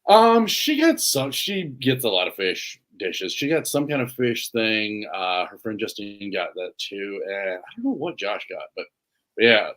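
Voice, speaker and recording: In a lowish voice and at a measured pace, a man co-hosts a podcast. His casual chat consists of relaxed, rambling stories.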